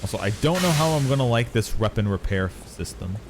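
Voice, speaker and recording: A man's voice: medium pitch, expressive, brisk, music in the background. A man streaming a video game, chatting casually with his viewers and swearing now and then. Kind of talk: casual gameplay commentary.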